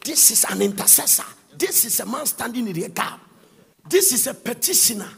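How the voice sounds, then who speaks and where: A man preaching a sermon, reading Bible verses aloud and breaking into fervent, sing-song shouts. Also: very high-pitched, very animated, normal speed, gravelly, breathy edge.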